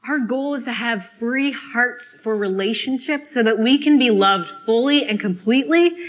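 A woman speaking at a student fellowship, telling a dramatic spoken-word sermon with theatrical, expressive pauses. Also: a little high.

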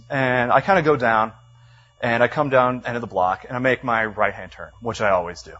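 A man preaching to a room full of people, telling his story with lively energy and plenty of ums. The sound is slightly muffled, with a faint hum underneath. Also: mid-range voice. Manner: animated storytelling, many fillers, acts out quotes. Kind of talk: storytelling sermon. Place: church meeting room with a live audience.

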